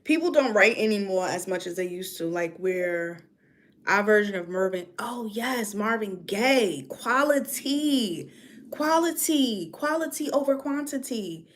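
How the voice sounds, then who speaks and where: A woman's voice: medium pitch, a little slow. A woman from New York with a New York accent, chatting casually on a livestream and reading comments, drifting between topics. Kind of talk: casual chat.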